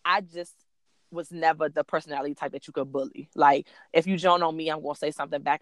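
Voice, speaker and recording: Lowish voiced woman, 30s, podcast host just talking, blunt and cussing a lot, dry close mic. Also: no echo. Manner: blunt, profane, animated storytelling. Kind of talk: casual storytelling chat.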